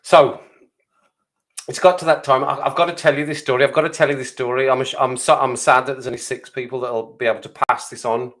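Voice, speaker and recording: A man's voice: mid-range voice, steady tone, brisk, a bit bright. A man telling a story on a live stream, rambling and repeating phrases for comic effect.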